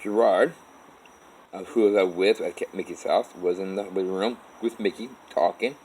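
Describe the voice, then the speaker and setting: A man telling his own life story in a halting, rambling way, with many restarts. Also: sits low, steady tone, a little mellow, a little hiss or hum, low-quality recording. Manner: halting, with restarts and repeated "all of a sudden". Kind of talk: rambling first-person storytelling.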